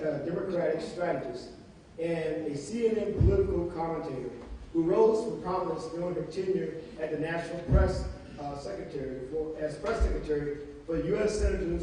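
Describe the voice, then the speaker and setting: A man's voice: fairly high pitch, mellow, slight background noise. A man reading a guest speaker's introduction at a public event, stumbling and correcting himself as he goes. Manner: reads from notes with stumbles and self-corrections. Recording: roomy hall audio from a distant mic.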